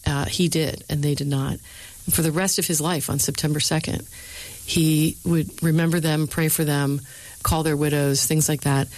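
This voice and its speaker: A middle-aged woman with a notably low voice, answering questions in an interview. She tells her stories with energy and voices the people she quotes. The sound is dry and close. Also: fairly even intonation, moderate pace, a little mellow, dry recording, poor audio. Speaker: speechwriter and university lecturer.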